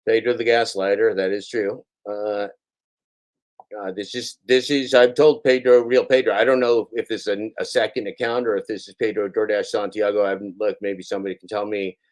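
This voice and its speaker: A man's voice: lowish voice, fairly even intonation, a little fast, a little mellow. A man hosting a live stream, reading out and answering chat comments in a sarcastic, mocking way.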